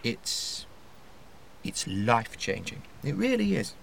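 A man's voice: medium pitch, huge pitch swings, slow pace, vocal fry, a bit bright, slight background noise, full character voice. Man doing an eager yes-man type, always agreeing, voice bounces all over. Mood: agreeable. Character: agreeable man who sides with whoever spoke last. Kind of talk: comedy sketch dialogue.

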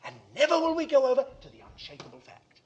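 Fervent high-voiced male preacher. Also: wildly swooping pitch, quick pace, highs cut off. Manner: fervent, swinging from hushed asides to loud emphatic declarations. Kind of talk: sermon. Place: room with a congregation.

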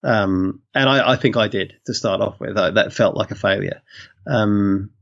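A man's voice: fairly low pitch, muffled recording. A man from London, a guest in an interview, talking in a thoughtful way that often corrects itself. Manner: thoughtful, self-correcting, uses 'you know' often. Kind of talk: reflective conversational interview.

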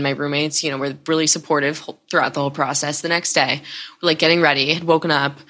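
A woman's voice: sits low, pushed and bright. A young woman hosting a podcast, candidly retelling a painful personal story with many fillers. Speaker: podcast host.

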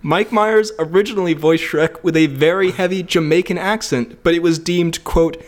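A young man with a slightly high voice co-hosts a casual podcast chat. He jokes often, swears freely and laughs between his lines. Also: steady tone, normal speed. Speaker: podcast co-host.

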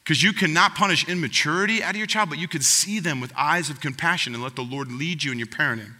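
A man's voice: a little high, fast talker, pushed and bright, long reverb tail. A man preaching a sermon, speaking earnestly and directly to the congregation as their pastor.

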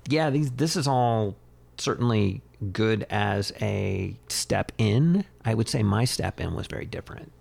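A man's voice: on the low side, lively intonation, unhurried, gravelly, darkish tone. A man co-hosting a podcast, talking in a wry, bookish way. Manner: wry and bookish, quoting literature. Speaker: podcast co-host. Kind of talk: casual podcast talk.

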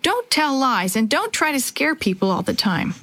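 A woman voicing an excitable, bossy young girl who scolds sharply. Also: high voice, normal speed, husky, pitched above the performer's own voice, full character voice. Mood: snappish.

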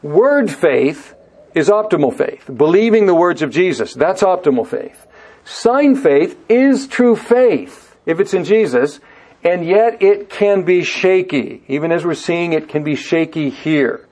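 A man's voice: a little high, expressive, darkish tone. A man teaching through a Bible passage in a sermon, drawing out key words and often rephrasing himself mid-thought. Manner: deliberate, stretching key words for emphasis. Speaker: preacher.

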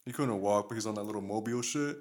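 A man's voice: lowish voice, fast, a little mellow. Young new york guy, podcast co-host, slangy and swearing. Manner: loose storytelling with slang and swearing. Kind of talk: casual chat.

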